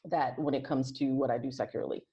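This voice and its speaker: A woman talking as a podcast guest in casual interview chat, soft and reflective, often restarting her sentences. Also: a bass voice, fairly even intonation, fast talker. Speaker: podcast guest, aromatherapist and health coach. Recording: lo-fi muffled sound.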